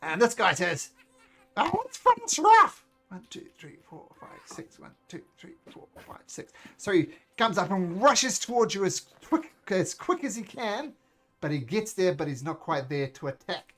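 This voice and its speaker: Game master, man, lively pitch, narrates and rules on rolls, soft music under it. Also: normal speed. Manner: animated, breaks into goblin voices, counts out movement. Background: faint music.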